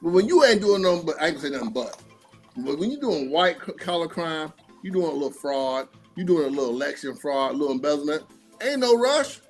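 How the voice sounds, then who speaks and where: A man hosting a casual streamed talk show, speaking in an animated, profane way and acting out quotes. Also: a little high, fast, faint music behind. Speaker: podcast host.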